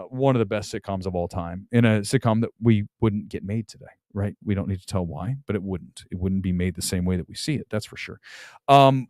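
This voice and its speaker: A man's voice: fairly low pitch, no room sound. Opinionated male stream host, dry close sound. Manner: animated, opinionated, rambling with self-corrections. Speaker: film talk show host. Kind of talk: casual live-stream chat.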